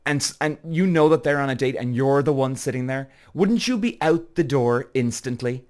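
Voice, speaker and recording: An Irish man hosting a podcast, telling a story in an animated, exasperated way. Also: medium pitch, moderate pace. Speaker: podcast host. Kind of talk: casual storytelling.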